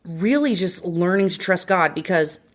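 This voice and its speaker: Low-voiced woman telling her story frankly. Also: expressive, normal speed. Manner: earnest, emotional, frank. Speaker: podcast guest. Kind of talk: candid personal storytelling.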